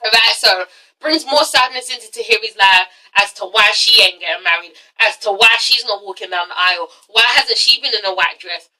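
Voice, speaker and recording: A woman's voice: medium pitch, a little fast, bright, forceful tone, recorded from a distance, rough recording. A young woman ranting through a casual reality-TV review vlog, blunt and exasperated, swearing freely.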